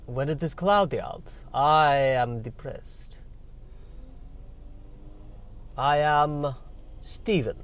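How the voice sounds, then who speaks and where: Man doing a sulky, threatening vampire barista with a fake Eastern European-style accent, slow and grave. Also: fairly high pitch, clean tone. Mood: brooding. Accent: put-on vague Eastern European style. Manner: slow, grave, menacing delivery. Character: brooding male vampire barista, touchy and threatening.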